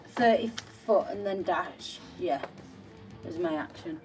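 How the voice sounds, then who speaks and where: A woman playing a tabletop game, lively and a bit giggly, with hesitant fillers. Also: on the low side, takes it slowly, soft background music. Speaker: player. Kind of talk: casual tabletop game play.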